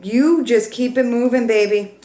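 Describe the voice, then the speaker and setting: A woman's voice: fairly high pitch, unhurried. Woman doing a tarot reading, talks straight and swears a bit, gets real emotional, echoey room. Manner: blunt, swears freely, pep-talk tone; emotional, warm and affectionate toward viewers. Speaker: tarot reader. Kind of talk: casual tarot reading to camera.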